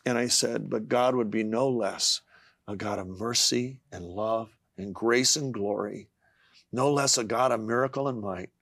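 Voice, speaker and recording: A man's voice: fairly low pitch, fairly bright tone, no echo. Earnest man telling a faith story. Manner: earnest storyteller, halting with fillers and restarts. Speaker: guest author. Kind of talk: testimony in a talk-show interview.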